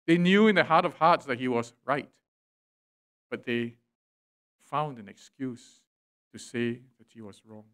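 A male pastor, preaching a sermon in church, swelling loud and dropping quiet for emphasis. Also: mid-range voice, expressive, measured pace, long pauses, clear, resonant tone. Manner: preaching with dramatic swells and drops in volume. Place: church sanctuary.

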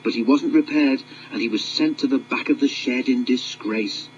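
A man's voice: mid-range voice, moderate pace, dull audio, slight background noise, natural voice. Wilbert, a man doing a storytelling engine. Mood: reflective. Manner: warm storytelling, cautionary. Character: friendly forest tank engine telling a tale.

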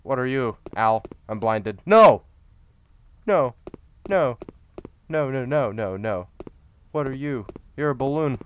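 A man's voice: mid-range voice, a little slow, dull audio, slight background noise. A man giving casual, joking commentary while playing a horror game, rambling and chatting to the things on screen. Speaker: horror game let's-player.

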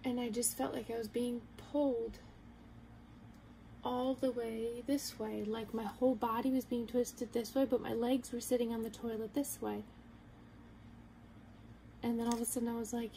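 Soft-toned young woman telling a personal story. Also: a little high, little pitch movement, gravelly, slight background noise, rough recording. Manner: earnest, halting, retelling with quoted inner thoughts. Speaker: vlogger.

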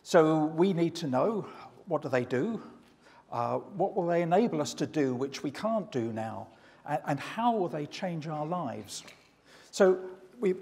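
Gravelly man chairing a conference session. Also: a little high, a little mellow. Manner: measured, hesitant with fillers. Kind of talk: formal session introduction. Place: conference hall. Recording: long reverb of a large hall.

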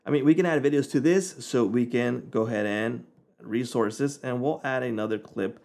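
A man hosting a software tutorial, talking in a relaxed, informal way as he clicks through the steps. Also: mid-range voice, normal speed, gravelly. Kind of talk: casual screen-recording walkthrough.

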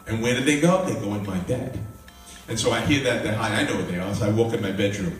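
A man preaching, telling family stories with lively, animated delivery and acting out the voices of his kids. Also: lowish voice, quick pace, faint music behind. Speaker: minister. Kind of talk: sermon. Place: hall with live audience. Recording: echoey room from far off with faint ambience.

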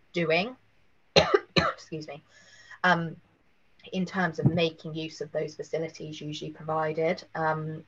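A woman, hoarse after a cold, giving a careful webinar presentation with many fillers. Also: deep voice, fairly bright tone, dull audio. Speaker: legal presenter.

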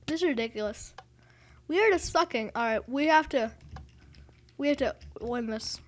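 A woman giving excitable, self-mocking commentary over her own gameplay and exclaiming at every failed jump. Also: high voice, moderate pace. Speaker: gaming video host.

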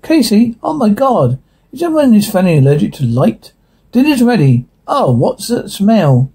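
A man's voice: sits high, big pitch swings, normal speed, warm tone, breathy edge, voice pushed up, heavily acted. A man reading the part of a sarcastic, teasing teenage girl.

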